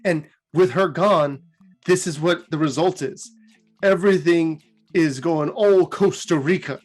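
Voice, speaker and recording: A man's voice: fairly high pitch, unhurried. A young man hosting a casual lore retelling, chatty and giggly with slangy asides. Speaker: host.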